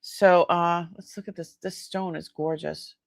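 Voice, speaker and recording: A woman's voice: fairly low pitch, steady tone, measured pace, creaky, dry recording, studio quality. Chatty woman hosting a live sale. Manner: chatty storyteller, laughs often, acts out dialogue. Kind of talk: casual live-stream chat.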